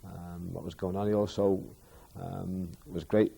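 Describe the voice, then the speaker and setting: A man in a documentary interview, speaking haltingly with many pauses. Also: low-pitched, level tone, gravelly, mellow, breathy edge.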